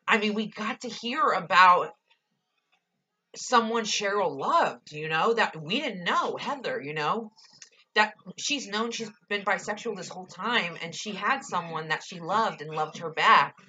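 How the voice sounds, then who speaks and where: A woman's voice: medium pitch, animated, unhurried, sharp tone. Gushing young woman ranting about TV. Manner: gushing and ranting, lots of "like" and swearing. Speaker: TV episode reviewer. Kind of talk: casual ranting review.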